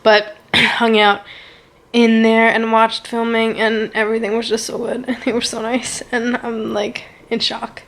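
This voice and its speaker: A woman's voice: fairly high pitch, little pitch movement, unhurried, a bit bright. A young woman telling a casual storytime vlog, gushing and rambling, with lots of "like" and "so good". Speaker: vlogger.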